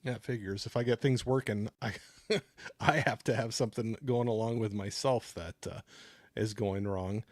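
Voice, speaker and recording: A man's voice: lowish voice, fairly even intonation, normal speed, no echo. Easygoing man chatting on a dry close mic. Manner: easygoing, rambling, thanks viewers and reads chat aloud. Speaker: livestream host. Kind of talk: casual livestream chat. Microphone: new desktop microphone.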